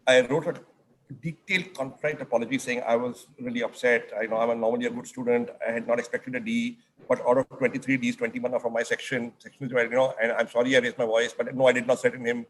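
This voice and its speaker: A middle-aged man with an Indian accent recounts student-day stories on stage, his speech lively and full of Hindi asides. His voice sits in a middle pitch. A faint hiss runs behind him. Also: quick pace. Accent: Indian English. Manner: animated anecdotes mixing in Hindi phrases. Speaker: speaker at a summit. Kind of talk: storytelling in an onstage conversation.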